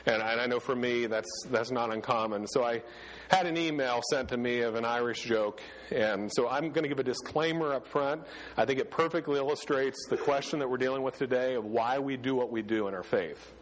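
A pastor giving a casual, conversational sermon full of restarts and fillers. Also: male voice, mid-range voice, fairly even intonation, brisk, in a large hall, poor audio.

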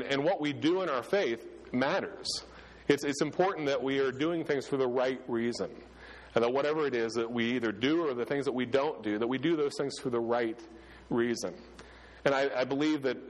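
A pastor giving a casual, conversational sermon full of restarts and fillers. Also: male voice, mid-range voice, in a large hall, low-quality recording.

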